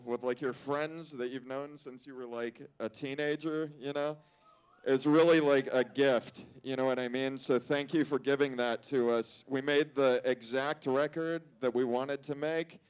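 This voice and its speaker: A man's voice: mid-range voice, clean tone. A man accepting an award on stage, speaking heartfelt and loose with lots of fillers. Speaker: award winner. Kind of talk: acceptance speech.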